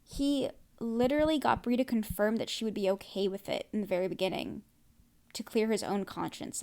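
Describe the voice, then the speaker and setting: A woman hosting a podcast, recapping a TV episode in casual chat, reacting excitedly with lots of fillers. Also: medium pitch, brisk, vocal fry. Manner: excitable, reacts loudly with gasps and exclamations; chatty, many "like" and "um" fillers. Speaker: podcast host.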